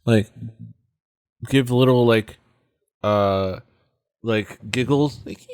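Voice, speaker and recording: A fairly low-pitched man narrates as game master, stumbling through his descriptions with fillers and restarts. The sound is close and dry, with no room echo. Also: fairly even intonation, a little slow, fairly bright tone. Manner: hesitant, many fillers and restarts.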